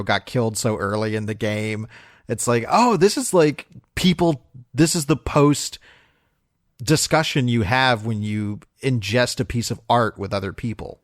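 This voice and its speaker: A man's voice: medium pitch, no echo, clean studio sound. A man co-hosting a film review podcast, talking casually and rambling with fillers, restarts and frequent laughs. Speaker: podcast co-host.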